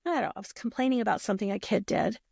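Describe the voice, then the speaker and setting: A woman guest on a podcast, telling stories in a lively, casual way, acting out what people said and swearing freely. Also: mid-range voice, very fast, vocal fry, husky, no echo, studio quality. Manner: animated, acts out quoted voices, swears freely. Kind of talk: casual storytelling.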